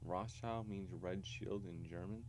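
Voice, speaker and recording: A man's voice: deep voice, steady tone, a little slow, heavy background noise. A man hosting a casual livestream video chat with strangers, rambling and profane in a provocative way. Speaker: livestream host.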